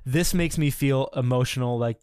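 A man's voice: mid-range voice, normal speed, a little mellow, clear, resonant tone, dry recording, studio quality. A man co-hosting a casual music podcast, talking in an enthusiastic, rambling way with many restarts and fillers. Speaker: podcast co-host.

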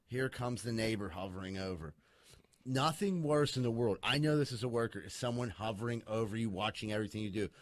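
A man telling a profane, animated story in casual chat among friends. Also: on the low side, a little fast, dry recording.

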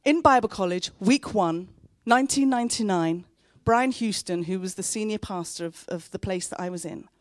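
A woman, preaching a sermon in an earnest, heartfelt way and pausing between phrases. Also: mid-range voice, no echo, clean studio sound. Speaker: pastor. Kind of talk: sermon with personal story.

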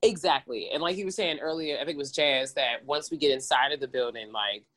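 Co-host, mid-pitched, calm explainer, filler-heavy. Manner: measured and explanatory, with frequent um and like. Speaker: podcast co-host. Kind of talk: casual film discussion chat.

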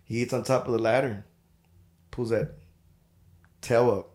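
A man's voice: mid-range voice, fairly even intonation, unhurried, very noisy. A tipsy man telling a long, profane joke in casual chat, rambling along. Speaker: podcast guest.

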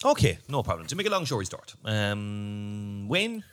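A man hosts a sports podcast in loose, joking chat. His pitch swings widely up and down, and he keeps a lively, animated delivery. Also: normal speed. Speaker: podcast host. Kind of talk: casual chat.

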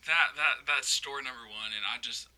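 A man with a strikingly bright, edgy voice chats casually as a podcast co-host. He chuckles often and throws in teasing asides. His pitch is average for a man. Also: a little fast, clean tone, low-quality recording. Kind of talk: casual storytelling chat.

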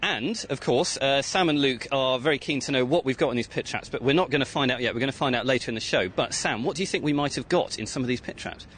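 A man's voice: fast talker, hardly any pauses, fairly bright tone. A man reporting live outdoors for a radio science show, upbeat as he talks with children on site. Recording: outdoor report with faint rumble.

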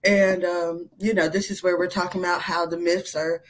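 Animated young woman guest. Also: on the low side, moderate pace, a little hiss or hum. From North Carolina, USA. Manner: animated, laughs often, many fillers. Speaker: podcast guest. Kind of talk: casual interview storytelling.

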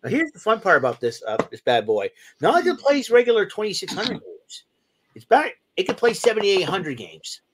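His voice sits high with wildly swooping pitch and a fairly bright tone as this podcast co-host chatters a little fast about a gadget he's showing off. The talk is casual, rambling, and enthusiastic, packed with fillers, and there's a little hiss or hum.

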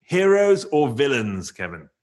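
A man's voice: medium pitch, big pitch swings, measured pace. Middle-aged British man hosting. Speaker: podcast host. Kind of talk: conversational interview.

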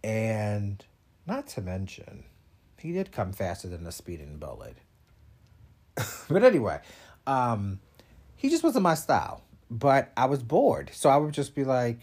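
A young man holds forth on his podcast in a blunt, animated way, his voice husky and breathy. His pitch swings widely as he makes his points, and he swears freely. He throws in quick asides as he goes. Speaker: podcast host. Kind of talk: casual monologue.

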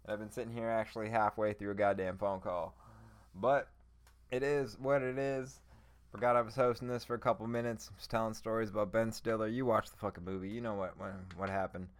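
A man's voice: on the low side, fairly quick, clean tone. A young man hosting a podcast, chatting loosely about a movie with frequent swearing and bursts of laughter. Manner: excitable, profane, laughing bursts. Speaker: podcast host. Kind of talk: casual movie chat.

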